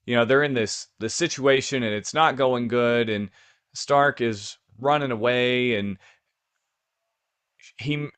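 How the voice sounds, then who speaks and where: A man's voice: mid-range voice, a little slow, long pauses, a bit bright, smooth. A man co-hosting a podcast in easygoing, jokey casual chat, with plenty of ums. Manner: easygoing, jokey, filler-heavy. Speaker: podcast co-host.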